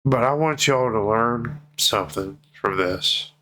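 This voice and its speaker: A man speaking in an emotional personal vlog, tearful and heartfelt, swearing freely and pleading slowly with his viewers. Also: medium pitch, sharp tone, low-quality recording. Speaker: vlogger.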